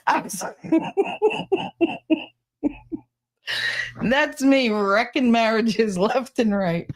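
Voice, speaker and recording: A middle-aged woman co-hosting a podcast, telling stories in casual chat with a blunt, profane and animated manner. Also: on the high side, very slow. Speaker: podcast co-host.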